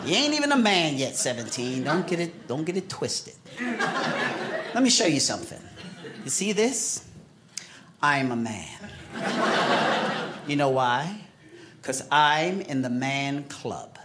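Male stand-up comic, middle-aged, lively and swinging in pitch, working a live club crowd, loud audience noise behind. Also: takes it slowly, pauses often. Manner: animated crowd work with character voices. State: fighting off a cold. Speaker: stand-up comedian. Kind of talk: stand-up comedy set. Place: comedy club stage before a live audience.

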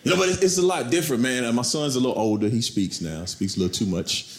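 A middle-aged man doing stand-up, telling animated stories about his kids and acting them out in high voices. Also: fast. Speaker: stand-up comedian. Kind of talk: stand-up comedy routine. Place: comedy club stage. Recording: echoey club with loud crowd noise.

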